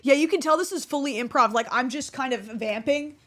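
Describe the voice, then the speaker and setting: A young woman hosts her channel, offering loose, rambling commentary on her old videos while laughing and frequently restarting sentences. Her voice is high, a little fast, and a bit bright.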